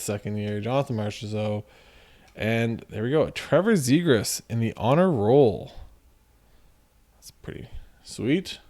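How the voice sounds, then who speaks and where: A man hosting a card-opening video, chatting casually and joking as he reads off names in quick runs. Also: mid-range voice, a little mellow, smooth. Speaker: card-opening channel host. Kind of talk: casual commentary while opening card packs.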